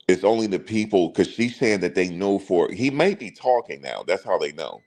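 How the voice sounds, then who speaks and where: Low-voiced male host, casual commentary, chatty and repetitive. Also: expressive, normal speed, few pauses, darkish tone. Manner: chatty storyteller, addresses viewers directly, repeats himself.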